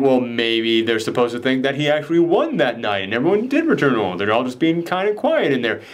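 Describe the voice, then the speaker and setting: A man's voice: a little high, a bit bright. Casual man retelling a film's ending. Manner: loose, profane, acts out quotes. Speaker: film reviewer. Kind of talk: casual spoiler chat.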